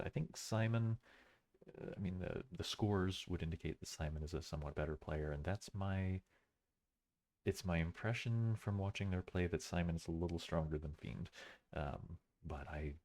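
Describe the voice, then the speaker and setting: Male replay commentator, low voice, hesitant and thoughtful, casual home-recorded delivery. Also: moderate pace, a little mellow. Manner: thoughtful, hesitant, many fillers and self-corrections.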